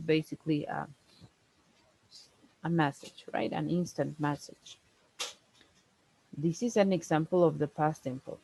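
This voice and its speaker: Slow, low-voiced woman teaching English. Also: steady tone, darkish tone, slight background noise, low-quality recording. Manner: slow, careful explaining with stressed words. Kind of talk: one-on-one online English lesson. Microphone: video call.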